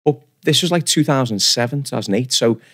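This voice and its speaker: A man, telling stories as a podcast guest in an animated, self-deprecating, rambling way. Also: mid-range voice, quick pace, husky. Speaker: guest barber. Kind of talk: casual podcast storytelling.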